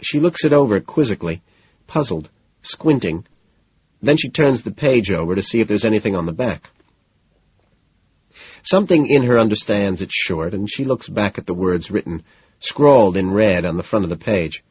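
A man narrating a novel in first person, with a measured, low-key delivery. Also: expressive, darkish tone, breathy edge, highs cut off. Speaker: audiobook narrator.

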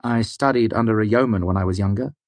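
A man's voice: lowish voice, fast, dry recording, voice pushed up, close to an everyday voice. A man reading an audiobook, voicing a young male courtier who speaks formally and deferentially. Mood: polite, deferential.

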